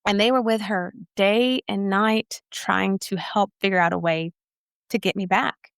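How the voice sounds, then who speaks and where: A woman's voice: mid-range voice, fairly even intonation, a little slow, vocal fry, clear, resonant tone, dry recording, clean studio sound. A woman from Texas, a podcast guest telling her life story in an earnest, emphatic way. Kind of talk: personal testimony storytelling.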